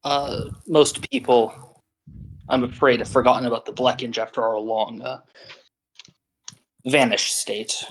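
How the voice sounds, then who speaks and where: A man's voice: mid-range voice, steady tone, a bit bright, lightly acted, poor audio. A man voicing an exiled male Knoll prince who speaks in a weary, solemn, dignified way. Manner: slow, sighing and solemn.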